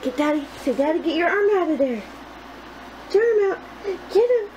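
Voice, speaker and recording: A mom vlogging indoors at home chats with her baby boy in sing-song baby talk and laughs a lot. Her voice is very high-pitched, animated, and brisk, recorded on noisy home video.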